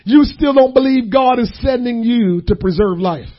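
A man preaching a sermon, dropping to a hush and then rising to shouts, repeating phrases for weight. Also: very high-pitched, moderate pace, lo-fi sound. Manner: swings between hushed and shouting, repeats phrases.

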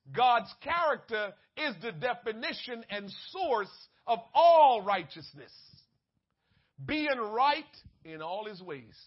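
A male preacher giving a sermon, swinging between loud exhortation and hushed asides, on a dull lo-fi recording. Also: very high voice.

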